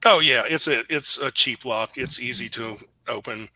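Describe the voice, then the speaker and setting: Bright-voiced man running a tabletop game. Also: mid-range voice, normal speed, no echo. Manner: relaxed, chuckling narration. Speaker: game master.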